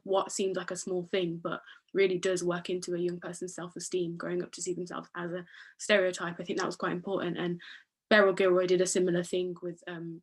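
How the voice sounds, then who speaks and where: A woman's voice: on the low side, slightly rough. A woman speaking as a panelist in an online academic discussion, thoughtful and hesitant with many fillers. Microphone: video call.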